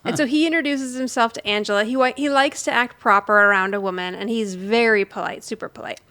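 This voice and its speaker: A woman's voice: on the high side, fast talker, pushed and bright. A woman co-hosting a podcast, chatting casually and retelling sitcom scenes with frequent laughs. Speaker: podcast co-host. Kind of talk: casual chat recapping a sitcom.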